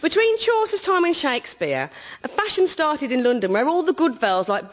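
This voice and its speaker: A woman's voice: high voice, sing-song, brisk, a little hiss or hum. A woman with a Black Country accent performing scripted radio comedy in a tart, bossy manner.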